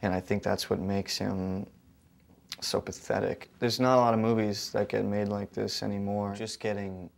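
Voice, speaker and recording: A man's voice: fairly low pitch, little pitch movement, normal speed, gravelly. A young male actor talking casually and thoughtfully in an interview, earnest with small hesitations.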